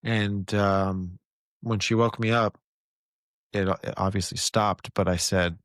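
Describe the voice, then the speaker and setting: A man's voice: lowish voice, measured pace, no room sound, studio quality. A man, a podcast host, telling a story casually and intensely, full of restarts and fillers. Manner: animated, intense retelling with many restarts and fillers.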